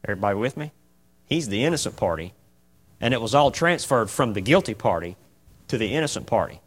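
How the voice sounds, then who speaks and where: A man teaching an informal Bible class in a folksy, animated way, often asking the group questions. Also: on the low side, fairly quick, breathy edge.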